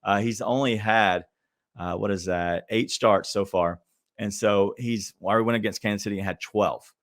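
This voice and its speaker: A man's voice: fairly low pitch, normal speed. A man hosting a podcast, giving casual sports betting advice in a chatty, hesitant way straight to his listeners. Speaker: podcast host.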